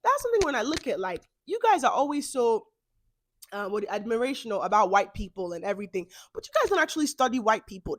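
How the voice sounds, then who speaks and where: A woman with a Nigerian accent hosting her own podcast, lecturing her listeners in an emphatic rant that swings into loud outbursts. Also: a little high, big pitch swings, brisk, no echo. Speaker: podcast host. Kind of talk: ranting monologue.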